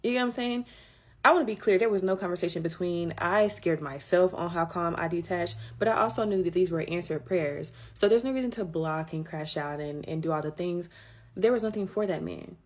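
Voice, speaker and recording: Candid low-voiced woman telling her story. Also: brisk. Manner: candid, swearing, rising when emphatic. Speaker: storyteller recounting a breakup. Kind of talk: casual storytime.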